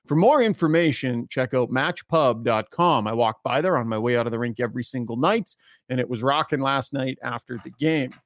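A man hosting a sports podcast, upbeat and quick to laugh, moving briskly between segments and reading ads. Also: medium pitch, no room sound, studio quality. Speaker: podcast host. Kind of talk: casual sports talk and ad reads.

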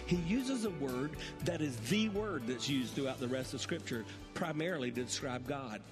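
A man's voice: mid-range voice, animated, moderate pace, in a large hall, over music. A male senior pastor delivering a sermon, talking emphatically and building in intensity.

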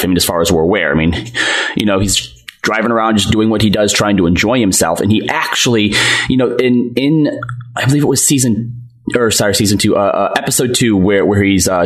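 A man co-hosting a podcast in casual chat, rambling and hesitant with many fillers and restarts. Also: fairly low pitch. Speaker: podcast co-host.

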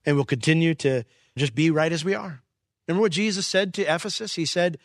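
A middle-aged pastor preaching a sermon in an earnest way, building to impassioned peaks. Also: male voice, a little high, a little fast, dry recording, studio quality.

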